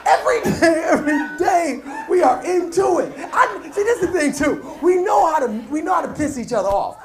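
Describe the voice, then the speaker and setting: A man doing stand-up on a comedy stage with a handheld mic, animated and shouting his punchlines. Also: extremely high pitch, a little fast, a crowd in the background. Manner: animated, shouting punchlines, acting out quoted voices. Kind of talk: stand-up routine.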